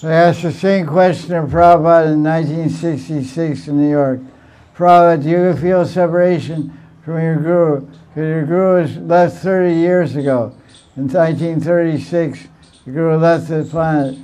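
Smooth-voiced man giving a devotional class. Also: on the high side, moderate pace. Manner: animated storytelling, repeats phrases, laughs. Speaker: spiritual teacher.

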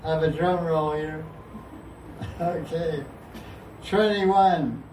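Here the teacher's voice is fairly high but darkish, and he takes his time. His casual class talk on verses is playful and full of laughter and mimicked sounds, picked up from far off in an echoey room with slight background noise.

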